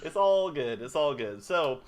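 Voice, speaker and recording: A man's voice: fairly high pitch, big pitch swings, a little slow. A man who produces an improv comedy stream, bantering casually and joking as he reads audience suggestions.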